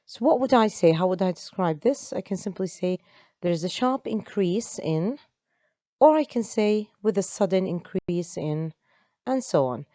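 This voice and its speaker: A woman's voice: mid-range voice, expressive, moderate pace, mellow, no echo. A woman, an English teacher explaining step by step in an online lesson. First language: Arabic.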